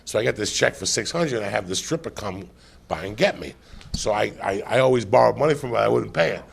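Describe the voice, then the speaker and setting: Gravelly-voiced guy spinning a filthy story live, cussing and cracking himself up. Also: on the low side, brisk. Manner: animated, swearing, laughing as he tells. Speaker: podcast host. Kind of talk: profane comic storytelling. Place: live podcast stage.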